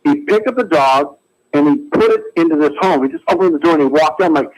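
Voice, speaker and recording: Excitable male caller on a phone line. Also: on the high side, quick pace. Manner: excitable, acts out quotes. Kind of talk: animated phone-in storytelling. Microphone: telephone.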